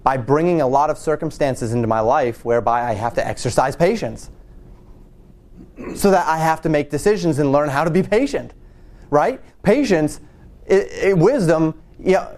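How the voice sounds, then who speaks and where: A man's voice: a little high, normal speed, darkish tone. A man preaching a sermon in a conversational way, often repeating words as he thinks.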